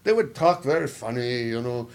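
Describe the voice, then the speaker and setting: A man's voice: medium pitch, expressive, normal speed, a little mellow, pitched below the performer's own voice, close to an everyday voice. A man playing a scheming, wisecracking old spy in an improvised comedy interview, drawling mock-confiding asides. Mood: sly. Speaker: comedian in character.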